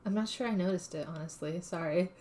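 A woman's voice: on the low side, quick pace, mellow. A woman co-hosting a casual podcast, dropping short, wry interjections and laughing often. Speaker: podcast co-host. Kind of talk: casual chat.

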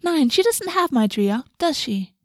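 A woman's voice: sits high, big pitch swings, a little slow, dry recording, clean studio sound, voice pushed up. A woman reading a storybook and voicing a young fae girl who is sweet on the surface and cruel underneath, dreamy and eager with a contemptuous edge.

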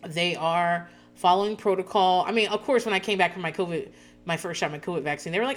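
A woman in her thirties chatting casually as a podcast host, profane and quick to laugh. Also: fairly low pitch. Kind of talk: casual chat recapping a reality show.

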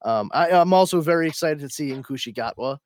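A man's voice: a little high, animated, a little fast, dry recording. Rambling, laughing man podcast host. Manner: rambling, many restarts and laughs. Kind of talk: casual podcast chat.

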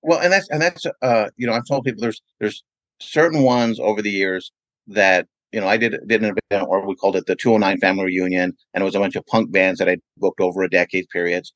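Speaking quickly in a low voice with fairly even intonation, a Californian event promoter and radio DJ tells casual stories on a podcast. His interview answers turn into rambling anecdotes full of "you know," and the muffled recording has no room sound.

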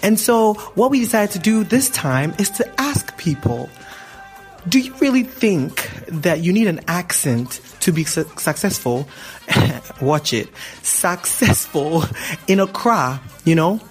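A man's voice: high-pitched, animated, unhurried, faint music behind. A young man hosting a vlog, opening the episode in a playful, teasing way. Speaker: host. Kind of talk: energetic vlog introduction.

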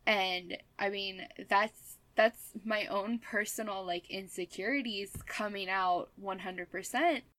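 A woman's voice: medium pitch, slow pace, few pauses, fairly bright tone, no room sound, rough recording. A woman speaking candidly in a casual conversation, with frequent filler words. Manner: candid, confessional, filler-heavy. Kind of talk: casual chat.

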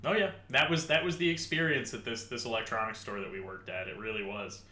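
A man from Michigan co-hosting a podcast, chiming in with dry, deadpan remarks. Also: on the low side, quick pace. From Southeast Michigan. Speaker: podcast co-host. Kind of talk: casual chat. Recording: echoey room with faint noise.

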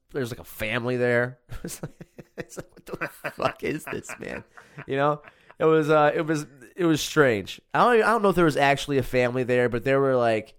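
Man, young adult, casual storytelling, profane, rambling, mid pitch. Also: clean tone. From Chicago.

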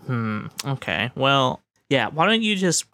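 A man's voice: medium pitch, sing-song, measured pace, bright, forceful tone, no echo, clean studio sound. A man in an improv comedy scene, talking politely and hesitantly, with plenty of ums and restatements. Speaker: improv scene partner playing an Earth negotiator.

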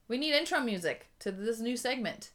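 A woman co-hosting an improv comedy podcast, quick and giggly in casual banter. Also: fairly high pitch, expressive, a bit bright. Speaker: podcast co-host.

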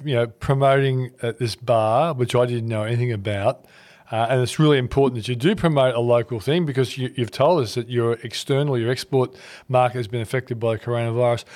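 A man's voice: mid-range voice, a little mellow. A man hosting an interview, nudging his guest along with short affirmations and light teasing. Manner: brief affirming backchannels and teasing asides. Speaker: show host.

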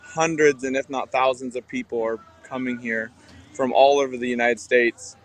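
A man's voice: mid-range voice, moderate pace. Man reporting casually from outside. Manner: relaxed, filler-heavy. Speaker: guest reporting on location. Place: outdoors by an auditorium.

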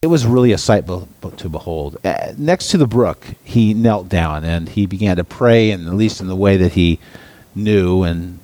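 Animated, halting man preaching. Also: no echo. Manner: halting, lots of restarts and uh's, emphatic pitch swings. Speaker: pastor or Bible teacher. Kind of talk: sermon with storytelling.

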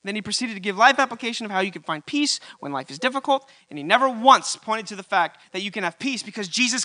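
High, bright-voiced preacher man. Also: expressive, quick pace, few pauses. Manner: rising to loud emphatic peaks, repeating key lines. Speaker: pastor. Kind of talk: sermon.

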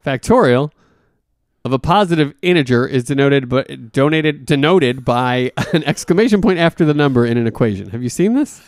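A man's voice: medium pitch, normal speed, no echo, clean studio sound. A man co-hosting a podcast in casual comedic chat, playfully teasing his co-host. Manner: playful teasing, sing-song bits.

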